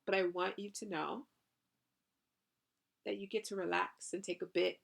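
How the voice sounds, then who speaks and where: A woman's voice: mid-range voice, fairly even intonation, moderate pace, gravelly. A woman hosting a channeled spiritual podcast, talking effusively with casual swearing and lots of "you know" and "right?". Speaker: podcast host and spiritual coach.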